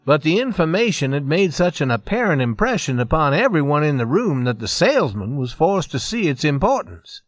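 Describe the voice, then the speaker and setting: Male storybook narrator: measured, expressive, fairly high voice, dry close recording. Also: no room sound.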